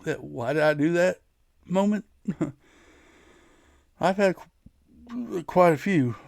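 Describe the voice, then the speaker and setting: A man's voice: sits high, expressive, takes it slowly, creaky, darkish tone, dry recording, clean studio sound. A man hosting his own podcast, telling a personal story in a casual, rambling way, often restarting his sentences. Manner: rambling, frequent restarts and laughs. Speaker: podcast host.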